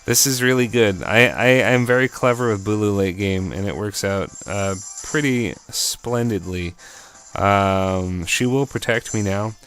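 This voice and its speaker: A man casually commentating his own video game battle in an excitable, chatty, jokey way. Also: lowish voice, a little slow, faint music behind.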